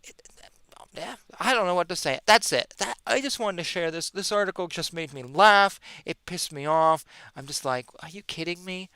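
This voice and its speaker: A man talking alone into a computer mic on his own spirituality podcast, sarcastic and exasperated. His voice is bright and smooth, and it sounds dry and close, with no room sound around it. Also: high voice, animated, normal speed, no room sound. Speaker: podcast host. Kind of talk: solo commentary podcast. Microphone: webcam or computer mic.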